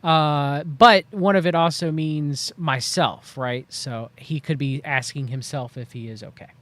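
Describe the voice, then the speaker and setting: A man's voice: fairly high pitch, fairly even intonation, measured pace, a bit bright. A man hosting a livestream, talking to his chat in a rambling, wry way and drawing out words for emphasis. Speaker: livestream host. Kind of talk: casual commentary to chat.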